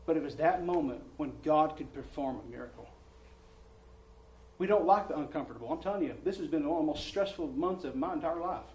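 A man preaching a sermon, rising in volume and pitch as he presses his points and often repeating words. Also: fast, hardly any pauses, a little mellow. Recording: roomy church sound from a distant mic.

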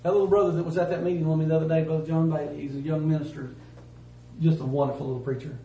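Folksy preacher in a roomy church. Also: male voice, a little high, level tone, rapid-fire. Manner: folksy, emphatic, swings from loud to hushed. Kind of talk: sermon. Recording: roomy church sound from a distance.

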